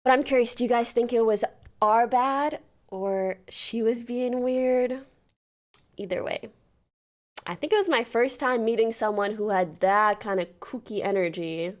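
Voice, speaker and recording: A young woman with a somewhat high voice, chatting casually on a livestream. She tells stories in an animated, talkative way and swears freely. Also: measured pace. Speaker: streamer.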